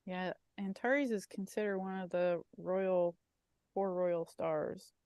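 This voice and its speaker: A woman co-hosting a podcast in casual chat, animated and playful, telling stories with asides. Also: lowish voice, slow, smooth, no room sound. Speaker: podcast co-host.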